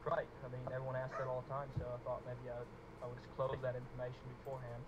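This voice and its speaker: A man's voice: completely flat delivery, racing, lightly acted. A man putting on a jokey Australian persona who greets his mates in a raised, hammy voice over a noisy live stream recording. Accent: put-on Australian. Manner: jokey, hammy, higher put-on voice.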